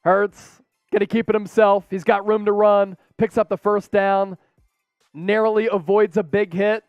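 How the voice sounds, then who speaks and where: A man hosts a rowdy live-stream watch party, calling plays between jokes in a casual, excitable way. His voice is high and smooth. The sound is dry, with a slightly dull tone. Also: a little slow, no echo, faint music behind. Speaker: host.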